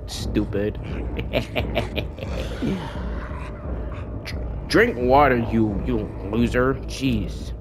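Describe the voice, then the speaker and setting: A gaming streamer doing let's play commentary, cursing and mocking the game's enemies in a taunting sing-song, with excitable outbursts. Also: medium pitch, very slow, pauses often, noisy background. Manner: profane trash-talking of game enemies.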